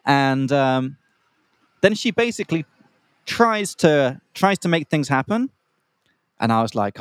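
A young man from Australia co-hosts a podcast aimed at English learners, telling a loose, rambling story at normal speed with long pauses. His mid-range voice has lively intonation as he explains slang and acts out other voices, with no echo.

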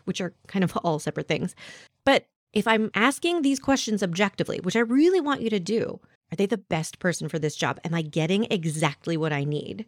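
A woman in her thirties hosting a solo podcast, talking to the listener in an animated, conversational way. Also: medium pitch, no echo, clean studio sound. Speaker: podcast host.

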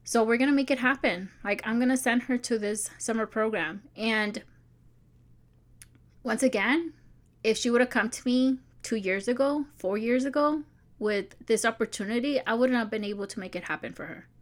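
A woman in her forties speaks straight to her viewers in a vlog, chatty and heartfelt. She keeps restarting her sentences and fills them with "like" and "you know". Her voice sits a little on the high side. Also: normal speed. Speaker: online course creator. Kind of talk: personal vlog talk.

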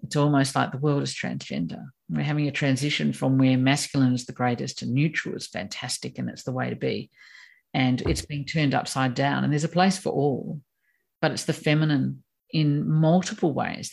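Creaky teacher explaining. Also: mid-range voice, steady tone, fairly quick. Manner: emphatic, acts out quoted voices. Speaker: course teacher on personality animals. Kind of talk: expert explaining in conversation.

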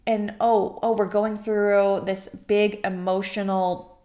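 A woman's voice: medium pitch, little pitch movement, takes it slowly, warm tone. A young woman coaching her listeners in a motivational podcast, emphatic and repetitive. She slips into her own complaining inner voice and back out again. She is pregnant and talks like a coach to women. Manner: emphatic, repeats phrases, acts out her inner voice. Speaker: business coach.

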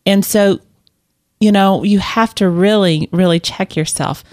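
A middle-aged woman chatting casually, rambling and self-deprecating, with halting restarts. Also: medium pitch, darkish tone, no room sound, studio quality. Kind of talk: casual chat.

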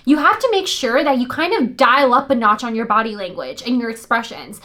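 A young woman with a high-pitched voice gives upbeat, emphatic advice straight to camera as the channel host. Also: expressive, brisk, bright, forceful tone.

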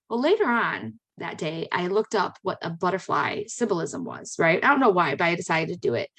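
A woman in her thirties, hosting a podcast, telling personal stories in a chatty, animated way with frequent exclamations. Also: on the low side. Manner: chatty and animated, with many fillers and excited exclamations. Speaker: podcast host. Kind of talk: personal storytelling.

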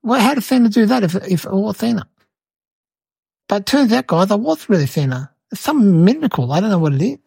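A woman doing gravelly little boy Jimmy. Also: mid-range voice, very animated, brisk, mellow, no room sound, full character voice. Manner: rambling, chatty, full of "like" and "right?". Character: cheeky little boy telling a silly tale. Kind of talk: storytelling to camera.

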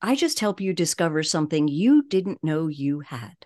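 A woman with a Long Island accent speaks in a fairly low voice as a voice coach on a podcast. She talks at a measured cadence and leans on deliberate pauses. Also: big pitch swings, a little mellow. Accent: Long Island New York. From Long Island, New York. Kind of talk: podcast interview.

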